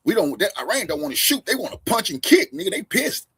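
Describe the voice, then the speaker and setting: A man's voice: high voice, sing-song, quick pace, breathy edge. Fired-up, profane male host. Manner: profane, fired-up, swings from loud to muttering. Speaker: host reacting to a clip. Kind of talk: heated commentary.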